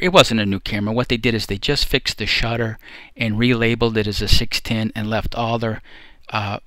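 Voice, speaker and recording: Male host, mid-pitched, chatty and rambling, dry close recording. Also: fairly bright tone, dry recording. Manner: rambling, restarts phrases, conversational. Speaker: host ranking photography instructors. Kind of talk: casual talk.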